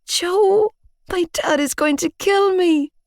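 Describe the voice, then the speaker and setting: A woman voicing a frantic young woman who wails and shrieks in a high voice. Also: takes it slowly, creaky, dry recording, studio quality, exaggerated voice. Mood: panicked. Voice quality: shrill, wailing. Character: frantic young Irish woman, dramatic and shrill.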